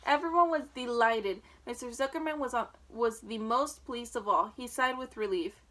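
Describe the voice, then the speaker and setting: A woman reading a children's book aloud with clear, expressive storytelling. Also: on the high side, moderate pace, rough recording.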